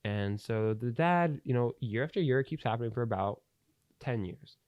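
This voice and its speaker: A man's voice: medium pitch, expressive, moderate pace, no echo, dull audio. A young man hosting a podcast, telling a long story in a rambling way with plenty of fillers and restarts. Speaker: podcast host. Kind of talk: casual storytelling. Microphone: studio podcast mic.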